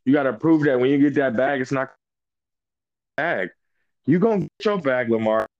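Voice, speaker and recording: A man's voice: mid-range voice, normal speed, dry recording. A man talking football as a guest in a casual chat, emphatic and full of restarts. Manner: animated, emphatic, restarts a lot. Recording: dull lo-fi audio.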